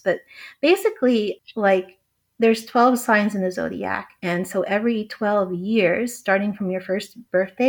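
A chatty woman walks through a birth chart in relaxed conversation. Her speech is loose and rambling, full of "like" and small giggles, sitting in a middle pitch for a woman. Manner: chatty, heavy use of "like", giggly. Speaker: astrologer guest. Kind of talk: casual chat.

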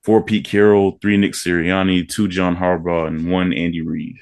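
A man co-hosting a podcast in casual chat, reading out a long ranked list in an easygoing, steady drone. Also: low-pitched, moderate pace. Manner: laid-back, reads a list in a steady drone. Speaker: podcast co-host.

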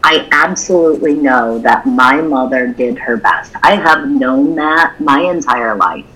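A podcast co-host shares a personal story candidly and openly during a casual conversation. Her voice is rumbling low, husky and a bit bright, animated but unhurried, and the recording is rough.

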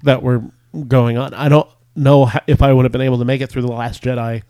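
A man's voice: medium pitch, little pitch movement, a little fast, warm tone, clear, resonant tone, no room sound. A man hosting a casual group chat, tired from a long day awake, explaining at length with many fillers. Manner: rambling, filler-heavy explanations. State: tired from staying up. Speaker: podcast host.

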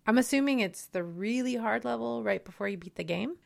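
A woman's voice: on the high side, a little fast, gravelly. Earnest woman hosting a solo podcast. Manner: earnest, personal, open. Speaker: podcast host.

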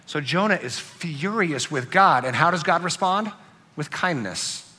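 A man preaching a sermon to a congregation, animated, acting out angry outbursts as he tells a story. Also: fairly high pitch, unhurried, breathy edge. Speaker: pastor.

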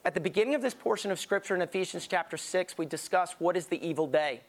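Emphatic conversational pastor preaching. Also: male voice, high voice, fast. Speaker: lead pastor. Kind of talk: sermon.

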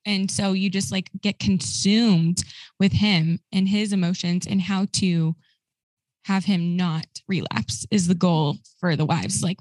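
A woman talks earnestly about her experience as a podcast guest. Her voice sits at an ordinary pitch and sounds dry and close, with no room around it. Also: fairly even intonation, measured pace, a little mellow, dry recording, low-quality recording. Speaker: guest, recovery ministry co-founder. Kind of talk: casual podcast interview.

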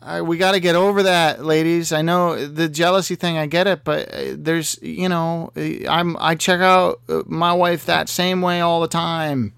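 A man with a fairly high, gravelly voice talks through a comedic monologue in a dry, halting way, stopping and restarting often. His voice is smooth and resonant, and the sound is close and dry. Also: fairly even intonation, fairly bright tone, no echo. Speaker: vlogger answering a magazine quiz.

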